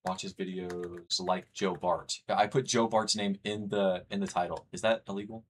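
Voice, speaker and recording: A man's voice: deep voice, steady tone, normal speed, slight background noise. A young man from the United States chatting casually with his livestream chat, rambling and reading messages aloud. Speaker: streamer.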